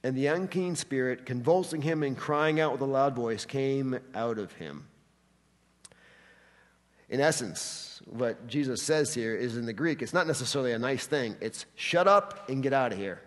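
A man preaching a sermon, acting out quotes with animated delivery in a church hall. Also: mid-range voice, normal speed. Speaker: pastor. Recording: long hall reverb.

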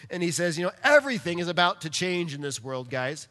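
A man preaching a sermon, telling a personal story in an animated way and speaking directly to his congregation. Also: on the high side, brisk. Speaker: pastor. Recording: long hall reverb.

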